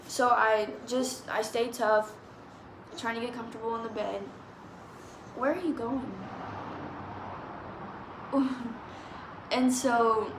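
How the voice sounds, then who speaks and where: A woman, chatting through a story and quoting people as she goes. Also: on the high side. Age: 20s. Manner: rambling, quotes people with "I was like". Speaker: vlogger. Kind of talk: storytime chat. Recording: echoey room with background noise.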